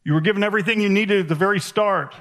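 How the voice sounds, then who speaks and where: A man giving a sermon as a conference speaker, animated and emphatic, swinging between hushed and raised delivery. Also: high voice, racing. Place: conference hall.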